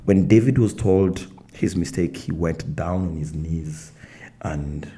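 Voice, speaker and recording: A man co-hosts a casual podcast, speaking reflectively and with care. His voice is very deep and mellow, and he talks slowly. He often adds quiet affirming murmurs while the other host speaks. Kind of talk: casual faith chat.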